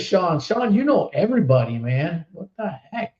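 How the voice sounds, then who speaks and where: A man's voice: high-pitched, big pitch swings, moderate pace, darkish tone, reverberant, muffled recording. A man hosting a live podcast in casual chat, upbeat and laughing easily as he reads viewer comments aloud. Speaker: podcast host.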